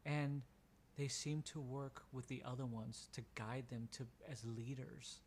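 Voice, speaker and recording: A man narrating a tabletop game as game master, stopping and restarting his sentences. His voice is mid-pitched and flat in contour. A faint hiss runs behind him. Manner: halting, restarts often.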